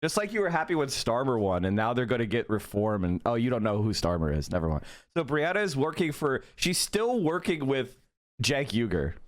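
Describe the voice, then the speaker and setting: A man ranting heatedly and with a lot of swearing while hosting a live stream. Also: mid-range voice. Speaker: streamer host.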